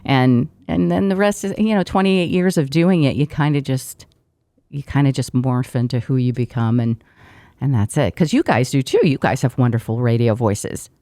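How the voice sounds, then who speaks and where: Low-voiced woman telling stories. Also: moderate pace, no echo, studio quality. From Brazil. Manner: warm, storytelling, laughs often, trained radio delivery. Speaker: radio personality guest. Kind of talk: casual interview chat.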